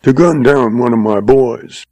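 A man's voice: medium pitch, unhurried, mellow, no room sound, lightly acted, low-quality recording. A man voicing a grumpy, irritable old one-legged rancher who growls and snaps his words in a western drawl. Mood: snappish. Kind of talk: audiobook character voice.

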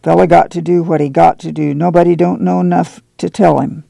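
A man doing a gruff, resigned farmer father. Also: fairly high pitch, flat delivery, a little fast, warm tone, no echo.

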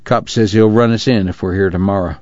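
A man's voice: lowish voice, fairly even intonation, brisk, darkish tone, no room sound, highs cut off, close to an everyday voice. A man voicing a blunt, determined young rural man in plain speech.

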